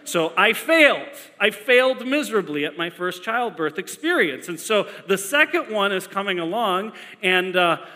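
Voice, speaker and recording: Bright-voiced preacher in an echoing hall. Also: male voice, sits high, moderate pace, hardly any pauses. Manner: animated storytelling with emphatic repetition. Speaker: pastor. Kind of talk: sermon. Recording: long echo of a large hall.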